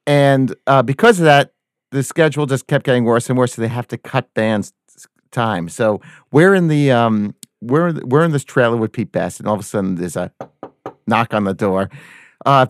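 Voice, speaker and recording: A man's voice: medium pitch, normal speed, no room sound, studio quality. A man, a band member, telling a story in casual chat and acting out the people in it. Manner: animated anecdote-telling, acts out quoted voices. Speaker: guest musician.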